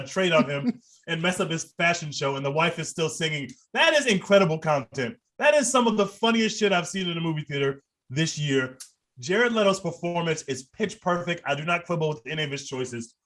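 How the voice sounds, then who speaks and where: A man's voice: a little high, a bit bright. A man co-hosting a podcast, reviewing a movie in casual, profane and enthusiastic chat. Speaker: podcast co-host.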